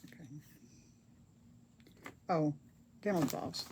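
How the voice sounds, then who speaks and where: An older woman with a drawl talks to her viewers while she works, warm and folksy as she reads their comments aloud. Her voice sits low and has a gravelly edge. A faint hum runs under the phone recording. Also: normal speed. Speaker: craft livestream host. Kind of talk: casual livestream chat while crafting. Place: home craft table.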